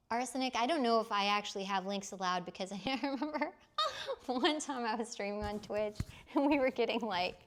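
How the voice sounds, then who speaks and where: Chatty rambling woman streamer. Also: medium pitch. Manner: chatty, rambling, laughs often, many fillers. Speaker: voice actor and streamer. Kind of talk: casual live stream chat.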